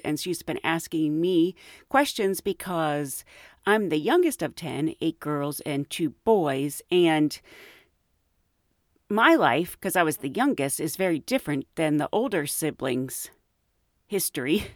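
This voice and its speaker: A woman podcast host telling casual stories, animated and giggly, acting out the voices of the people she quotes. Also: sits low, no echo, clean studio sound. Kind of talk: casual storytelling.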